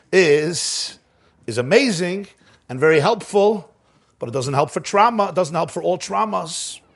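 A man with a slightly high voice leads a Torah class, reading the source text fast before translating it. His explanation comes in slow, emphatic phrasing, broken by an occasional chuckle.

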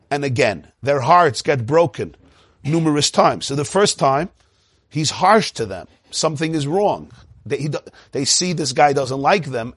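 A man's voice: medium pitch, a bit bright, breathy edge, dry recording, studio quality. A man teaching a Torah lesson, retelling a biblical story with repeated phrases for emphasis and quoting Hebrew verses before translating them.

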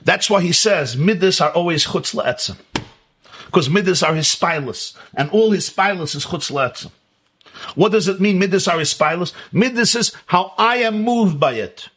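A man's voice: high-pitched, lively intonation, normal speed, fairly bright tone, breathy edge. A man giving an emphatic Hasidic lecture as a Torah teacher, asking rhetorical questions and repeating key words.

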